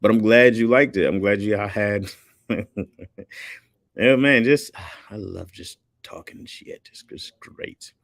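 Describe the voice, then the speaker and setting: A man with a low, deep voice chats casually with his viewers as a comedian host. He jokes easily and stays laid-back. The sound is dry and close. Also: slow, a bit bright, no echo. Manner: laid-back, joking, laughs between remarks.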